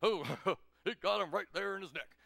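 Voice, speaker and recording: A man's voice: sits high, normal speed, creaky, bright, forceful tone, dry recording, full character voice. A man playing a humble, folksy male president who chuckles and speaks in an easygoing drawl.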